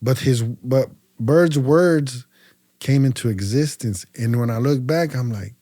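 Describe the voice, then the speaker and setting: A man from California's Central Valley tells his story as a podcast guest, with a mellow, relaxed tone. He talks in a loose, slangy way and acts out the dialogue with plenty of fillers. The sound is close and dry. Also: mid-range voice, unhurried, dry recording. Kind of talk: casual storytelling interview.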